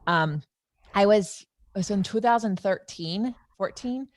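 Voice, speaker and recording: A woman's voice: medium pitch, no echo, studio quality. A woman hosting a podcast, chatty and affirming as she responds to her guest in a casual interview. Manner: chatty, affirming, quick to agree. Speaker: podcast host.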